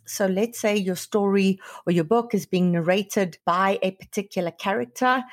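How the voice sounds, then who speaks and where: A woman with a lowish voice hosts a podcast interview. She lays out writing craft in a plain, explanatory way and makes fun of herself. The recording is dry and close. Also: no echo. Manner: self-deprecating, explanatory. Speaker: podcast host and author.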